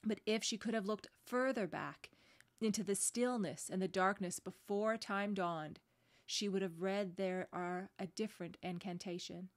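A woman voicing a noble, calm male lion in a storybook read-aloud, speaking in a slow, grave, measured way. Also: medium pitch, natural voice.

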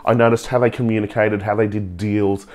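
A man, telling a personal story in a lively way and acting out the people in it. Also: on the low side, brisk. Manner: animated, acts out the people in his story with laughs. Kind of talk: storytelling talk.

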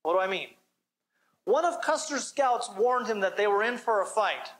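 A man's voice: high voice, expressive, normal speed, fairly bright tone. A man giving a church sermon as pastor, preaching with emphasis and asking the listeners direct questions. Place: church service.

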